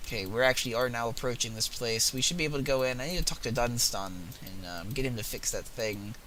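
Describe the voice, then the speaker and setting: A young man giving casual, profane, excitable commentary while playing a video game. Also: mid-range voice, quick pace, a little hiss or hum. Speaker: gaming video host.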